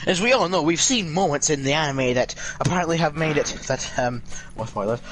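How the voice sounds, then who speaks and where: A man's voice: on the high side, lively intonation, brisk, a bit bright, a little hiss or hum. A young man chatting crudely and laughing often while gaming. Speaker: gamer chatting with a friend. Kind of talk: casual gaming chat. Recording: game music behind voice. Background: game music.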